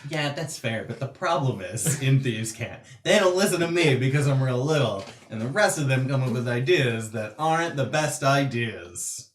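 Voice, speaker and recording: A man's voice: mid-range voice, lively intonation, moderate pace, few pauses, a little hiss or hum. A man playing a tabletop game, playful and teasing, retelling the story. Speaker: player. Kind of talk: casual tabletop role-play. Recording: echoey room, distant mic.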